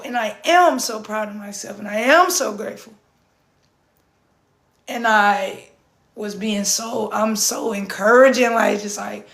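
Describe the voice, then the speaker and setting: A hoarse woman speaking in a casual, intense live-stream monologue, repeating herself and swearing freely. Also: high-pitched. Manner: intense, repetitive, profane, swings to shouting. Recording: roomy echo.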